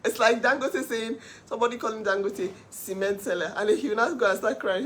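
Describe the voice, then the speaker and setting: A woman who sells cookware, talking casually on a livestream in an animated, emphatic way and laughing often. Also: fairly high pitch, brisk, slight background noise. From Nigeria. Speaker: cookware seller hosting a livestream.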